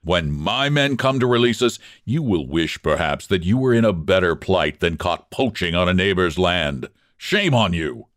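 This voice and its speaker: A man's voice: low voice, lively intonation, normal speed, hardly any pauses, a bit bright, no echo, clean studio sound. A man reading a story and voicing a proud landowner who answers his enemy with fierce, bitter retorts. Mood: indignant.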